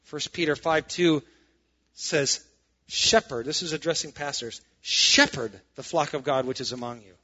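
A man's voice: a little high, unhurried, sharp tone, highs cut off. A man preaching as a pastor, reading scripture aloud and adding sarcastic, emphatic asides. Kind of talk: sermon.

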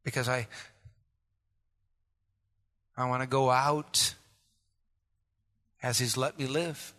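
A man preaching a sermon as a pastor, impassioned and rising to shouts. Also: mid-range voice, fairly even intonation, measured pace, big-room sound.

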